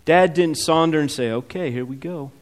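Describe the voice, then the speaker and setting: A man preaching a sermon who asks the congregation questions, swings between loud emphatic peaks and quiet asides, and acts out the characters' words as he reads. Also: fairly high pitch, moderate pace. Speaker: pastor.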